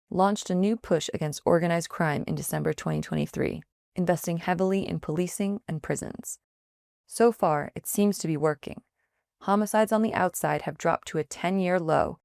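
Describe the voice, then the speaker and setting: A woman reporter reading a written field investigation aloud in a measured, even scripted news narration. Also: on the low side, gravelly, no echo, studio quality.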